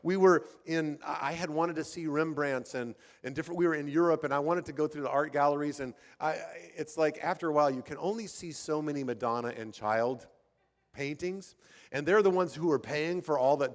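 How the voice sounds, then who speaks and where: An older male pastor delivers his sermon like a conversation, animated and prone to restarting his thoughts. His voice sits a little higher than most men's. The sound rings with long reverb from a large church hall. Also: fairly quick. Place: church sanctuary.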